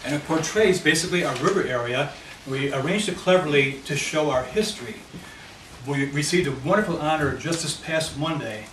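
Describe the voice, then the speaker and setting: A man's voice: on the high side, moderate pace, a bit bright. A man presenting at a committee meeting, walking listeners through a handout map of his neighborhood. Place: meeting room. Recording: echoey room, mic far off, noisy.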